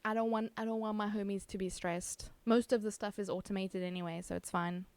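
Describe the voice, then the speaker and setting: A woman's voice: medium pitch, steady tone, fairly quick, darkish tone, clean tone. A woman streaming live, chatting casually, reading chat aloud and laughing often.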